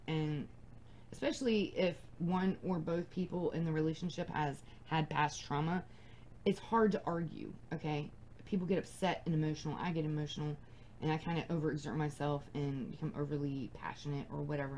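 A woman's voice: sits low, a little mellow, slight background noise, poor audio. A young adult woman hosting a casual advice podcast, talking bluntly and emphatically and swearing freely. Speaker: podcast host.

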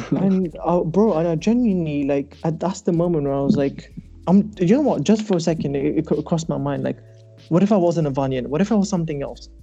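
A man's voice: fairly high pitch, brisk, vocal fry, dark tone, dull audio, soft background music. A young man hosting a podcast, casually telling a personal story with lots of animation and laughter. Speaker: podcast host. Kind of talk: casual chat.

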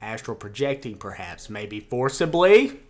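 A young man in casual chat, telling a wild dream in an animated way, acting out the voices and swearing freely. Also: mid-range voice, normal speed. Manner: animated storyteller, acts out quotes, swears freely.

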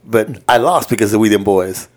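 A man co-hosting a casual sports podcast, swearing a lot, excitable and laughing often. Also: on the low side, normal speed. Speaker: podcast co-host.

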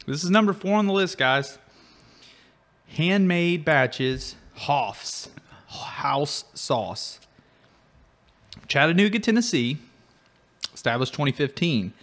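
A man's voice: fairly high pitch, animated, measured pace, long pauses, fairly bright tone. A man co-hosting a casual hot sauce tasting, chatting in an easygoing, playful way. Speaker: co-host. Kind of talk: casual chat.

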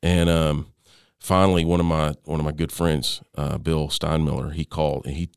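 Very deep gravelly-voiced man. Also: flat delivery, dry recording, clean studio sound. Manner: halting, with frequent restarts and fillers. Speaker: interview guest. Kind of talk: personal storytelling in conversation.

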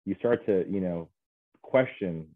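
Deep-voiced man on a tinny line. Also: dry recording. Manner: earnest, halting, many fillers. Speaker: guest, mental health specialist. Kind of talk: casual interview chat. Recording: dry, tinny phone-like line.

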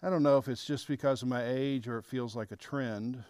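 Middle-aged guy teaching men from the bible, lively, acts out the quotes, dry close sound. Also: mid-range voice, a little fast, smooth, dry recording. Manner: animated, acts out quoted lines. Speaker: men's leadership teacher.

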